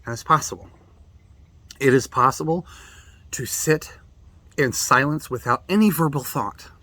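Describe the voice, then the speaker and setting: A man's voice: mid-range voice, a little slow, pushed and bright, no room sound. A middle-aged man giving a blunt, emphatic talk on meditation as a Buddhist teacher. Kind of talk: direct-to-camera daily reflection talk.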